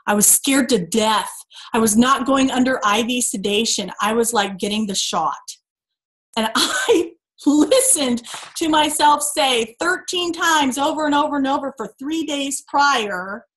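A woman's voice: sits high, expressive, measured pace, a bit bright. Earnest woman giving a motivational pep talk. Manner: earnest, preachy, emphatic with rhetorical questions. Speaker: team call speaker.

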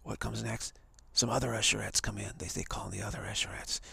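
A man's voice: fairly low pitch, fairly even intonation, fairly quick, creaky, sharp tone, slightly rough. A man on a live stream, telling a long hypothetical story in a rambling way with many restarts. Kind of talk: storytelling monologue. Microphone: home setup for a live stream.

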